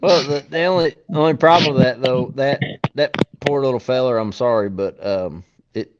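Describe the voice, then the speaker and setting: A man with a mid-range voice co-hosts a casual podcast, recounting things in a relaxed way and laughing easily. The audio sounds dull and lo-fi. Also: mid-range voice, moderate pace, very noisy. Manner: laid-back, laughing storyteller. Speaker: podcast co-host. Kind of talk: casual chat.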